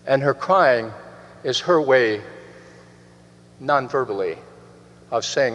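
A man's voice: normal speed, a bit bright. Older male preacher, earnest and rambling, long hall reverb. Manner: earnest, rambling with restarts, pitch rising and falling widely. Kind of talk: sermon.

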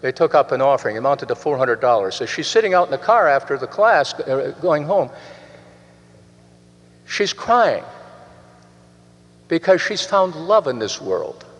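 A man's voice: big pitch swings, a little slow, pauses often. Older male preacher, earnest and rambling, long hall reverb. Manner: earnest, rambling with restarts, pitch rising and falling widely. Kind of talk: sermon.

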